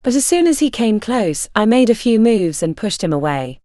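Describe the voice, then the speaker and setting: A woman's voice: a little high, sing-song, normal speed, dark tone, no room sound, clean studio sound. A woman narrating a first-person story in an intimate, confessional way.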